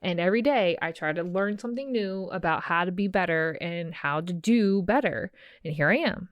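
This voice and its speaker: A woman's voice: on the low side, expressive, moderate pace, no room sound, lo-fi sound. A woman hosting her own podcast, talking in a rambling, impassioned monologue full of "okay?" asides, emotional and empathetic, calling listeners "sis.". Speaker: podcast host. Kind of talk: casual monologue.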